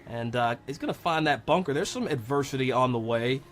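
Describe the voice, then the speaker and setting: A man doing live golf commentary, chatty and excitable, cracking jokes with his co-host. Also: medium pitch, fairly quick.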